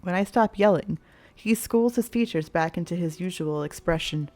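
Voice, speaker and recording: A woman's voice: lowish voice, moderate pace, a little mellow, faint music behind. A young woman streamer reading a visual novel aloud expressively, swearing freely.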